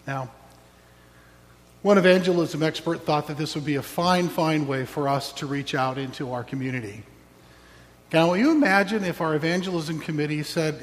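A man's voice: on the high side, normal speed, long reverb tail. A man preaching a sermon as pastor, reflective with wry asides.

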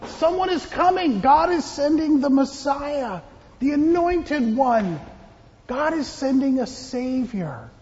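A man voicing a fiery male prophet from the wilderness, shouting his proclamations loud and high. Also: sing-song, slow, in a large hall, lo-fi sound, full character voice. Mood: proclaiming.

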